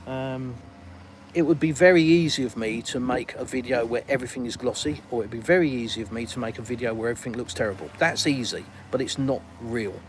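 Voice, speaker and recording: A man's voice: medium pitch, a little fast, a little hiss or hum, rough recording. An English man hosting a casual live stream outdoors in a garden, rambling and colloquial as he reads viewers' comments aloud. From England.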